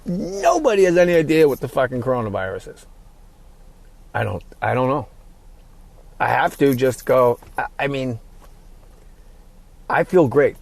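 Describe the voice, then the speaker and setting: A man's voice: mid-range voice, sing-song, normal speed, gravelly, pauses often, dry recording. A middle-aged man hosting his podcast alone, rambling and ad-libbing in a profane, casual monologue. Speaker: podcast host.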